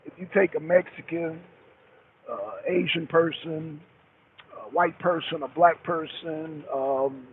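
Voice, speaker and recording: A middle-aged truck driver with a slightly high voice speaks slowly as he calls into a talk show. The tinny line carries a faint hiss, and his talk is rambling, repetitive, and full of curses.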